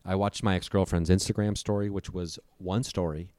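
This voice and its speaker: This young storyteller guest recounts a scary night in casual talk, speaking vividly with plenty of profanity and mimicking the people in his story. He has a low, deep, slightly mellow voice with fairly even intonation and a moderate pace. The recording is close and dry.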